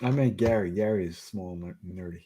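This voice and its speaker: A man's voice: low voice, brisk, dark tone, a little hiss or hum. A laid-back man from Texas co-hosting a podcast, chatting casually and joking. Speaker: podcast co-host. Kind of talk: casual chat.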